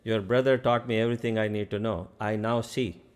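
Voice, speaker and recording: A man's voice: fairly low pitch, fairly even intonation, fairly quick, clean tone, close to an everyday voice. A man voicing a humble, earnest visiting Buddhist master who explains what he learned.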